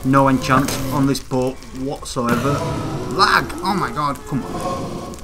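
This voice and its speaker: A man's voice: mid-range voice, slow, over loud music. A young man hosting a gaming channel, chatting casually to his viewers as he plays. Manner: chatty, talks straight to viewers. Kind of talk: casual gameplay commentary.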